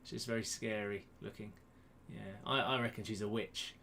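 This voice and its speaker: A man's voice: fairly low pitch, fairly even intonation, normal speed, vocal fry, pushed and bright. Chatty male quiz host, self-mocking, greeting viewers from home over a webcam with faint background noise. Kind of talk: casual live-stream chat. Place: home room, indoors. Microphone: webcam close to the face.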